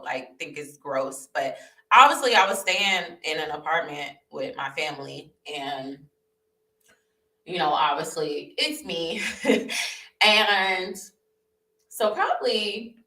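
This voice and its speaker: A young woman vlogging her personal testimony, telling the story candidly and animatedly, repeating herself and laughing. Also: lowish voice. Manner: animated, repetitive, laughing as she recounts. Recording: roomy echo, voice a bit far from the mic.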